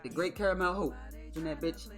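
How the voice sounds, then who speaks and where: A woman's voice: fairly low pitch, a little fast, over music. A young adult woman livestreaming, telling a story in a casual, exclamatory, profane way. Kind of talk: casual storytelling to a live stream.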